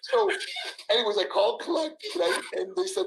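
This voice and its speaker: A man in his sixties telling a story in an interview, animated, laughing, acting out everyone's voices. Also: sits high, a little fast, gravelly, slight background noise, rough recording. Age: 60s. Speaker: guest, former wrestler.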